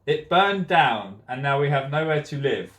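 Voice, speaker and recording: A man voicing a distressed mother mouse in a storybook reading, with a squeaky manner. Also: lively intonation, normal speed, fairly bright tone, echoey room.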